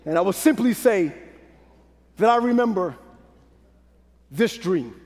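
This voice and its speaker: A man from Brooklyn, a pastor preaching a sermon in call-and-response style, dropping to a hush and rising to shouts. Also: high-pitched, animated, takes it slowly. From Brooklyn, New York. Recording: long hall reverb.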